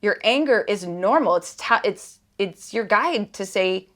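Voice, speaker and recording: Speaking a little slowly with lively intonation in a mid-range voice, a woman hosts her own personal podcast. She's candid and earnest, restarting often, filling pauses, and now and then sounding emphatic and exasperated.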